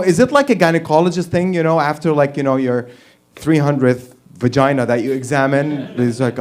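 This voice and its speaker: A man doing stand-up, ranting in an animated, profane way and laughing at his own jokes. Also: mid-range voice, moderate pace, few pauses. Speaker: stand-up comic. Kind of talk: stand-up comedy rant.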